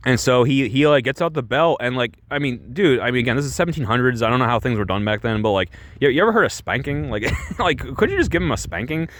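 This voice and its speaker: Ein lässig plaudernder Mann, der viel flucht. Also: male voice, medium pitch, expressive, quick pace, fairly bright tone, no room sound. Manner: rambling, full of restarts and fillers, swears freely. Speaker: movie reviewer. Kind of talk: casual spoken movie review.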